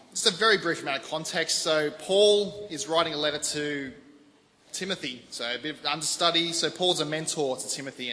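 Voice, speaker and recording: A man giving a lively, conversational sermon to a congregation. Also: fairly high pitch. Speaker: preacher. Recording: long hall reverb, faint background noise.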